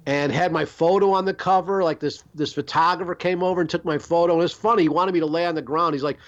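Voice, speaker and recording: Middle-aged man hosting a podcast, animated and swearing through rambling anecdotes; fairly high voice, dull lo-fi audio. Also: quick pace, few pauses. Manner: rambling, profane, animated storyteller. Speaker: podcast host. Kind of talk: storytelling chat.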